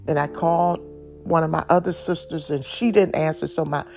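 A middle-aged woman sharing an emotional personal testimony, halting at times with soft laughs. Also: low-pitched, steady tone, gravelly. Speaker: speaker giving testimony. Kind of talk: slow, heartfelt personal testimony. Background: faint instrumental music.

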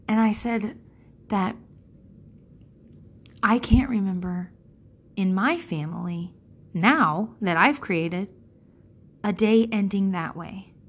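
A woman in her thirties talks straight to her listeners in a loose, rambling monologue, swearing casually as she goes. Her voice sits in a middle pitch and leaps upward whenever she mimics someone else. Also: breathy edge. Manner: rambling, frank, swears freely; animated, jumps in pitch when quoting people. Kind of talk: candid personal monologue.

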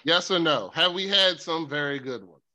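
A man's voice: on the high side, expressive, sharp tone, dry recording. A father co-hosting a podcast, joking and defending himself in casual chat. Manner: joking, defensive, quick bursts.

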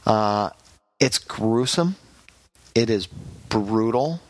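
Rambling, low-voiced male podcast host. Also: lively intonation, extremely slow, no echo. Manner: rambling, frank, many fillers and restarts. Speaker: podcast host reviewing games. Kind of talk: casual podcast chat.

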